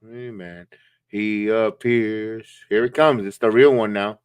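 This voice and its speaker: A man's voice: fairly low pitch, lively intonation, normal speed, no room sound. A man co-hosting a live watch-along stream, chatting casually and joking as he reacts to the matches. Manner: chatty, reacting with laughs and jokes.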